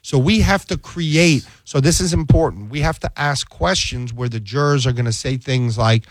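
A man's voice: mid-range voice, normal speed, dry recording. A man, a defense attorney, telling stories in a casual chat and acting out the dialogue he quotes. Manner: animated storyteller, acts out quoted dialogue.

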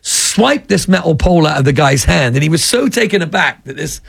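A man's voice: a little high, animated, fairly quick, vocal fry, fairly bright tone, husky, no room sound. An English man co-hosting a talk show, joking and telling stories in casual chat. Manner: storytelling, joking. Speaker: co-host.

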